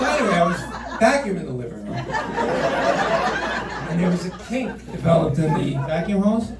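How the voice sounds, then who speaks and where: A male stand-up comedian telling a story on a club stage, with animated, mock-outraged ranting. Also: sits high, normal speed, pauses often, very noisy. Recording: roomy club sound from a distant mic, crowd laughing.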